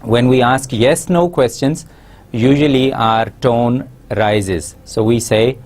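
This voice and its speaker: A man giving a recorded university lesson, explaining slowly with many pauses and fillers. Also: medium pitch, a little mellow. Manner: slow, explanatory, frequent uh fillers. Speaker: English lecturer.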